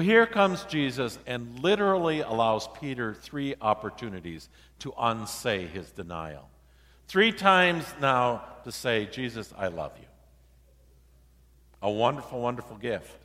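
A male pastor preaching a sermon in a relaxed, conversational, storytelling way, acting out the quoted dialogue. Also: medium pitch, long reverb tail.

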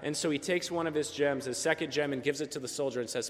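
A man preaching a Christmas sermon, telling a story gently and dropping softer for quieted moments. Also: fairly high pitch, quick pace. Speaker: pastor. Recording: long church reverb.

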